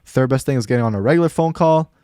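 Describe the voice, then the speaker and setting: A young man hosts a laid-back podcast, talking quickly and acting out quotes as he tells stories. His voice is dry and close to the mic, with no room sound around it. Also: medium pitch, clean tone, dry recording. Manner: animated storyteller, acts out quotes. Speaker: podcast host. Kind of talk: casual podcast chat.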